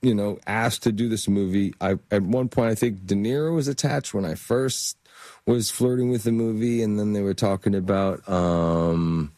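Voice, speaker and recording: A man's voice: on the low side, fairly even intonation, normal speed, mellow, no echo. A man guest on an interview, telling anecdotes animatedly, laughing and using many fillers. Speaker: actor guest. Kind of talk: casual anecdotal storytelling.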